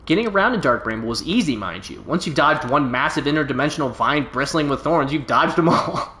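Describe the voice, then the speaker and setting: A man's voice: a little high, expressive, fairly quick, sharp tone, slight background noise. A man voicing a boastful, laid-back stranded alien pilot from a video game, telling his tale in a folksy, drawling way. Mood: easygoing boastful. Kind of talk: reading game dialogue aloud. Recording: roomy echo.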